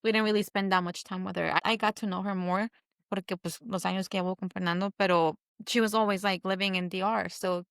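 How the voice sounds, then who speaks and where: Candid, bright-voiced woman in casual chat. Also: mid-range voice, steady tone, fast, gravelly, clear, resonant tone, no echo, clean studio sound. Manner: candid, emotional, mixes Spanish into English. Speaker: podcast co-host.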